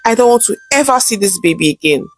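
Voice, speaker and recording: A woman's voice: medium pitch, big pitch swings, unhurried, soft background music. A woman voicing a grief-stricken young husband who pleads and weeps. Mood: bitter. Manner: pleading, tearful.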